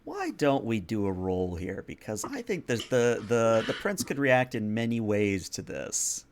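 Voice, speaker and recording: A man running a tabletop game as game master, narrating calmly and calling for rolls. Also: fairly low pitch, a little slow, a little hiss or hum.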